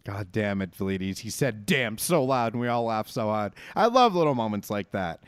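A man's voice: fairly low pitch, big pitch swings, normal speed, clean tone, no room sound, studio quality. A man hosting a podcast in casual chat, riffing with a profane, mock-hyped manner. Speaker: podcast host.

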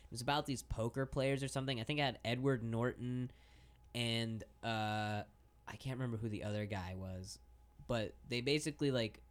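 A man's voice: mid-range voice, fairly even intonation, normal speed. A young man co-hosting a casual college radio show, telling stories in a laid-back way with many fillers.

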